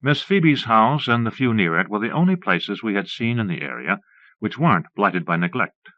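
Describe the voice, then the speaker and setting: A man narrating an audiobook in a measured first-person storytelling manner, on a dull old cassette recording. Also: fairly low pitch, very animated, no echo.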